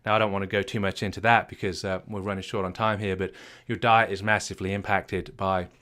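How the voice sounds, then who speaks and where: A man's voice: flat delivery, fast, a bit bright. A man working as a marriage coach, giving an emphatic retreat workshop talk that repeats key phrases and asks rhetorical questions. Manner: acts out low and upbeat voices to make points.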